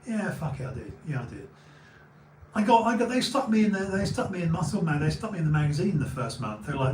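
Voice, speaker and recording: A man's voice: fairly high pitch, very animated, quick pace, a little mellow, slight background noise. Rambling British man telling stories. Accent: British English. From England. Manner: rambling, repeats and restarts words. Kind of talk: casual storytelling monologue. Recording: echoey room, mic a bit far.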